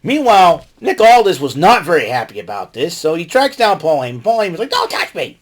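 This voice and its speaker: A man hosting a casual solo wrestling recap show, rambling and excitable, who talks back to the wrestlers he describes. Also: fairly high pitch, brisk. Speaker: podcast host recapping wrestling.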